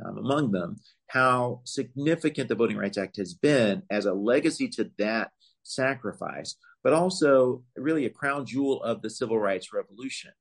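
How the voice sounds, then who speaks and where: A man speaking as a legal expert in an interview, laying out his points in a measured, explanatory way. His voice sits fairly low, and he leans on certain words with emphatic rises. He pauses now and then on small fillers. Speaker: voting rights legal expert, guest.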